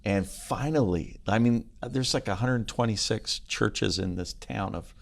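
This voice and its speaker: Man, gravelly voice, pastor, lively storyteller, studio mic. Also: lowish voice, measured pace. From United Kingdom. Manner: animated storyteller who acts out other voices. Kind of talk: storytelling in a casual chat. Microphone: studio microphone.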